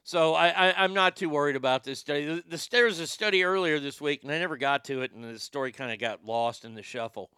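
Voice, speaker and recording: A man's voice: a little high, fast, few pauses, bright, forceful tone, clean tone, no room sound. A man hosting a ranting commentary show, crude and mocking, often stammering and restarting his sentences. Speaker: commentary podcast host.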